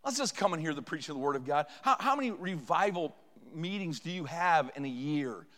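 A high-pitched male preacher delivers a revival sermon in a church sanctuary. His voice rings with a long reverb. He builds to loud, impassioned pleading when he acts out prayers. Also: expressive, a little fast.

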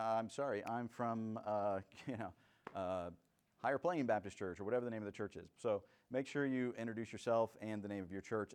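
A man's voice: fairly low pitch, a little mellow. A man teaching church door-to-door outreach in a casual, conversational way, often checking in with "right?".

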